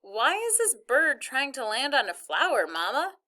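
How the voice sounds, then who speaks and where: An eager young boy asking his mother question after question, as a woman reading a novel aloud voices him. His voice is high and bright. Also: sing-song, measured pace, heavily acted. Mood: curious.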